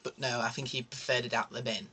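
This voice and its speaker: A man's voice: medium pitch, fast, a little hiss or hum. A young man telling a story in a casual vlog, ranting sarcastically about a bus trip. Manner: animated, sarcastic ranting with mock French asides. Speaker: vlogger.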